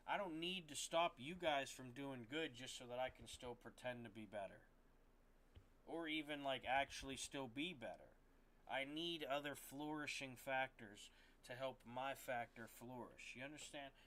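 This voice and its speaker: A man's voice: medium pitch, normal speed, pushed and bright. A man streaming a game, ranting to his chat in a rambling, frustrated way, swearing often and restarting his sentences. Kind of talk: casual rant to stream chat.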